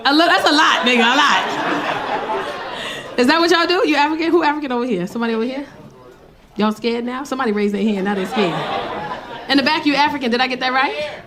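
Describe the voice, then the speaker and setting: A woman stand-up comedian telling a dating story in an animated, loud way and teasing the audience. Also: sits high, quick pace, long pauses. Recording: live club mic, crowd laughter, noise.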